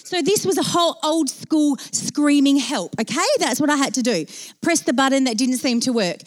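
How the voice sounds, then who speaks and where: A woman telling a personal story to an audience, self-mocking and animated, acting out her own panic in quoted speech. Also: high-pitched, moderate pace. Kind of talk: anecdote told to an audience.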